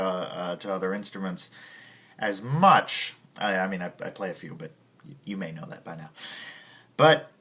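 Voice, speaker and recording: This man's voice sits on the low side, bright and forceful, as he gives a relaxed piano lesson. The teacher wanders in his explanations, restarts many times, and breaks off to scat and sing rhythmic examples.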